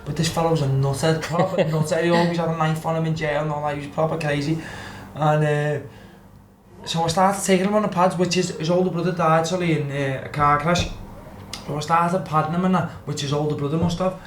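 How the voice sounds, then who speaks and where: A man's voice: a little high, steady tone, fairly quick, a little hiss or hum. A man, a podcast guest telling a rambling, swearing story. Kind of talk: casual storytelling. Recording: echoey room, faint ambience.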